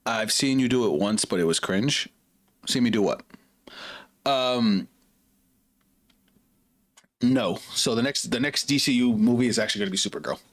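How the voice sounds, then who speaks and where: A man's voice: medium pitch, normal speed, long pauses. A man streaming music reactions, talking casually, bluntly and with open emotion, swearing freely. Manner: blunt, profane, openly emotional. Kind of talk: casual live reaction commentary.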